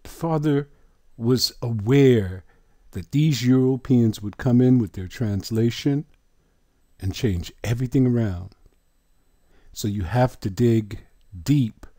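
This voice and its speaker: Slow, deep-voiced male preacher. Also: warm tone, no room sound, clean studio sound. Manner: deliberate, emphatic, drawn-out words. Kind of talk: sermon-style Bible teaching.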